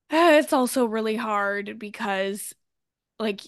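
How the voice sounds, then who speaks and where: A fairly high woman's voice with a gravelly, fry-laden texture, recorded close and dry. She recaps an episode in easygoing chat, filling her sentences with "like" and quick restarts. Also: no room sound. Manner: chatty, many fillers and restarts. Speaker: podcast co-host.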